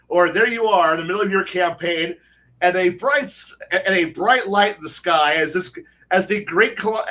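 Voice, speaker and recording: On a podcast panel for dungeon masters, a man with a high, pushed, bright voice chats casually. His talk rambles and is full of profanity and restarts.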